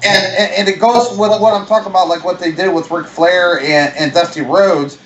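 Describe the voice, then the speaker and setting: A high-pitched man co-hosts a casual chat, stumbling eagerly to get his point across. He sounds like he is in a roomy space, a bit muffled, with a faint hiss. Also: moderate pace. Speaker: podcast co-host.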